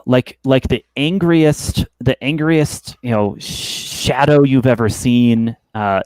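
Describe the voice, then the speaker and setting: A man narrating as game master of a tabletop game, speaking haltingly with many fillers and restarts. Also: mid-range voice, darkish tone, dry recording, poor audio.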